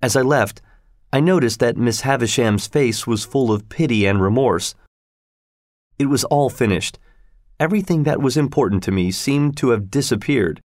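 A man narrating a storybook in the first person with steady, measured delivery. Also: medium pitch, no echo, clean studio sound. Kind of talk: storybook reading.

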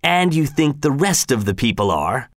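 A man's voice: medium pitch, very animated, no room sound, studio quality, voice pushed up. A man voicing a smug, menacing governor who drags out his words condescendingly. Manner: slow, drawn-out, condescending delivery. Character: smug, menacing male governor, slow and silky.

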